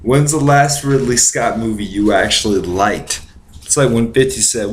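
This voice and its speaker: A man's voice: mid-range voice, moderate pace, slight background noise. Rambling, profane, drunk man in an echoey room. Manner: rambling, profane, goes off on tangents. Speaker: podcast host. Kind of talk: casual movie chat. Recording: roomy echo.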